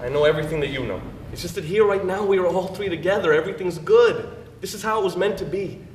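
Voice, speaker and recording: A gentle, playful husband's spirit visiting in a dream, coaxing and wistful, as an actor plays him. His voice sits fairly high for a man. It rings out roomy and distant from a far stage mic. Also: fast, slight background noise, close to an everyday voice. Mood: soothing. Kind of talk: live stage drama. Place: theater stage.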